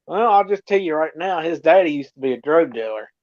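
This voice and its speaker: Blunt, coarse man, fairly high voice, rambling chat, lo-fi dull sound. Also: animated, brisk, darkish tone. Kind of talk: casual chat.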